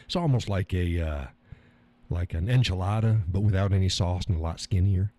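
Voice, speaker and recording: Here a man with a low-sitting, dark voice talks at a moderate pace as he hosts a live stream. Chuckling and rambling, he swears while joking and reads through viewer comments in a casual chat.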